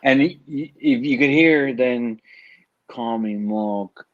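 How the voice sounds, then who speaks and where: A man's voice: mid-range voice, takes it slowly, no echo. Chatty man on a lo-fi stream. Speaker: co-host. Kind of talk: casual late-night stream chat.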